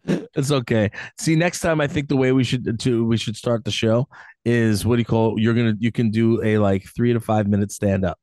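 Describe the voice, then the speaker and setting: A man co-hosting a podcast in casual chat, animated and joking, with lots of fillers and laughter. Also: mid-range voice, normal speed, dry recording, studio quality. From East Coast of the US. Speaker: podcast co-host.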